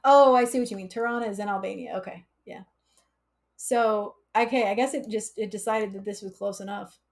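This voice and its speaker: A woman's voice: medium pitch, steady tone, a little fast. A woman hosting a casual live coding stream, chatty and laughing often as she reads chat aloud. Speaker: livestream coding instructor.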